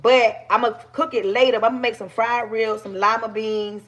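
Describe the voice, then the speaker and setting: A woman with a Southern US accent talks casually to her livestream viewers as she cooks breakfast. Her voice sits a bit high, and her chat is loose and chatty, aimed straight at the people watching. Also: level tone, normal speed, lo-fi sound. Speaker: livestream host.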